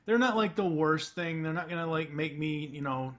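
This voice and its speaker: A man with a somewhat high voice co-hosts a podcast in loose conversation. He talks in a relaxed, hesitant way, pausing on filler words as he gathers his thoughts. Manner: relaxed, hesitant, many ums. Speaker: podcast co-host. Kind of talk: casual chat.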